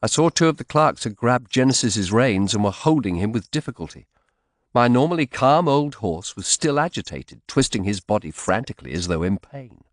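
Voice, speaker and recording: A man narrating an audiobook in first person with expressive, dramatic storytelling. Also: medium pitch, moderate pace, no echo, clean studio sound.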